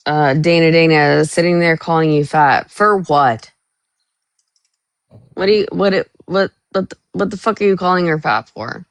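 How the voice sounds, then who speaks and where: A woman co-hosting a live stream chat, speaking frankly and profanely with halting restarts. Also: sits low, dry recording. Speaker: co-host.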